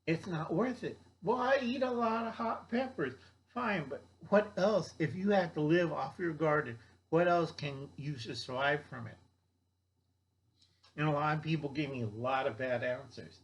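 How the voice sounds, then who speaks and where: An older man giving a blunt, rambling survival lecture, often checking in with "okay?" and mocking people in put-on voices. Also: on the high side. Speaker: survival vlogger. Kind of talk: rambling instructional monologue.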